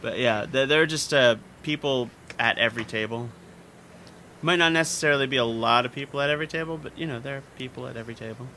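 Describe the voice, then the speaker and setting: A man's voice: mid-range voice, fast talker, sharp tone, a little hiss or hum. A man narrating a tabletop game as game master, casual and rambling, often laughing.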